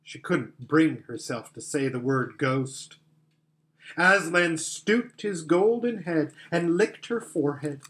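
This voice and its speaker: Slow, gentle male storybook narrator. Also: on the high side, animated. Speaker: audiobook narrator. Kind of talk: scripted narration.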